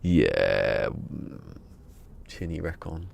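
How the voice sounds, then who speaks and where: A man's voice: a bass voice, very animated, extremely slow, creaky, slight background noise. A man chatting casually on a live game stream, joking and rambling with frequent laughter.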